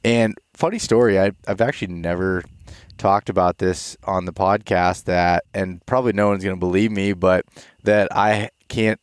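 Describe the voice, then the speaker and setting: A young man hosting a podcast, talking in a loose, rambling way with many restarts. He sounds tired and a little stuffed up, and his low voice is smooth and clear. The recording is close and dry. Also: fairly even intonation, normal speed, dry recording. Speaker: podcast host. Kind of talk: casual chat.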